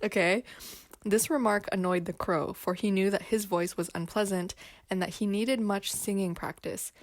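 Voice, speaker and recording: A woman's voice: medium pitch, steady tone, normal speed, no room sound. A woman casually reading folk tales aloud on her video, breaking off for giggly, playful asides. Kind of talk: casual read-aloud with chat.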